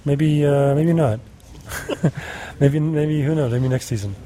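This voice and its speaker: A man with a voice on the high side speaks at a measured pace, mellow in tone, with a little hiss or hum. He's being interviewed as an actor on an indoor green-screen stage in a casual behind-the-scenes chat, answering hesitantly with many filler sounds.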